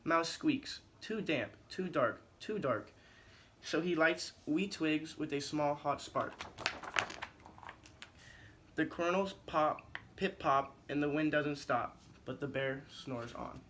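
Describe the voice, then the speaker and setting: A man's voice: fairly high pitch, takes it slowly, a bit bright, a little hiss or hum. A male teacher in a classroom reading a picture book aloud in a rhythmic, sing-song way, then giving instructions.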